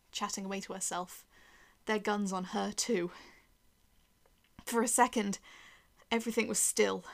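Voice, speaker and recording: Gravelly woman narrating a horror story. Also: medium pitch. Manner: tense, dramatic, dropping to a whisper at times.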